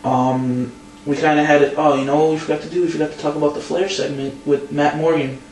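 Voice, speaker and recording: A young man with a slightly high voice retells the action with animation, acting out what others said. He is heard from a distance in an echoing room. A faint hum runs underneath. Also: quick pace. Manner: animated storyteller, acts out quotes. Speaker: podcast co-host. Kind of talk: casual wrestling recap chat.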